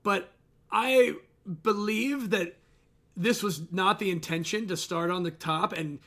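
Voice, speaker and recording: A man co-hosting a wrestling podcast, chatting excitably and casually, swearing and repeating himself. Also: high voice, slow pace. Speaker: podcast co-host. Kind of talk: casual watch-along chat.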